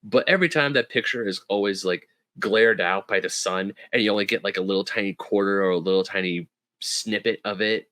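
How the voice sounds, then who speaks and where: Podcast co-host, male, low voice with a bright, forceful edge, dry close mic, animated. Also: a little fast, no room sound. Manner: animated, jumps into high-pitched quoted voices. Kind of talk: casual chat.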